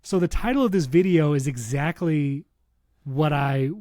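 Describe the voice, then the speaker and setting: Worked-up guy ranting on a tech podcast, kinda high voice, dry close mic. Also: measured pace, no echo. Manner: excitable, ranting, laughs often. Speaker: podcast co-host. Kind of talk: casual tech podcast chat.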